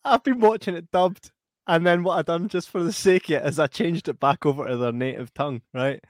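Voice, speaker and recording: A man's voice: on the high side, a little fast, no room sound, studio quality. A man co-hosting a live stream, chatting casually, laughing often and reading out comments. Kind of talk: casual chat.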